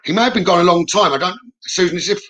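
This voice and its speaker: A man giving a live psychic reading at a rapid pace. His voice is bright and sits slightly high. He relays messages in a steady, reassuring way and keeps checking in with his listener. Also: rough recording. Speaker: psychic medium. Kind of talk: live-streamed spirit reading.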